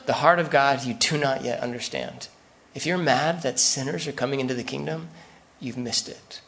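At a moderate pace, a pastor works through a sermon in a laid-back, talky style, sometimes performing the voices of people he describes. His voice is gravelly and noticeably raspy, pitched at an ordinary male level.

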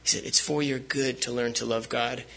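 A man's voice: medium pitch, fairly even intonation, normal speed, vocal fry, a bit bright, poor audio. A man preaching a sermon as pastor, speaking conversationally with frequent fillers and restarts.

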